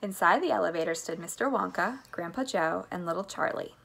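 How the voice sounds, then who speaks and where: A woman's voice: lowish voice, expressive, a little fast, creaky, a bit bright, slightly rough. Woman reading a children's book aloud. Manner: friendly, asks listeners questions. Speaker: reader.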